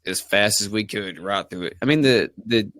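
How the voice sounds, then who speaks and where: A man hosting a podcast, asking questions in a relaxed, drawling way. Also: lowish voice, moderate pace, dry recording, clean studio sound. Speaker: podcast host. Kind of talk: casual podcast interview.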